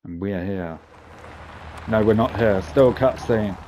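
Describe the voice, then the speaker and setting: A man's voice: on the low side, unhurried, dark tone, slight background noise. A man hosting casual gameplay commentary, chatty and jokey with rambling asides. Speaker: gaming channel host.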